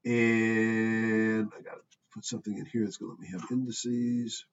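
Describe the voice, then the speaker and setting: A man with a lowish, level voice talks at a normal pace as he walks through stock charts in an offhand, thinking-aloud manner, full of ums and side remarks. He's a stock market commentator giving a casual screen-share market review. The mic sounds dull and distant, with faint background noise.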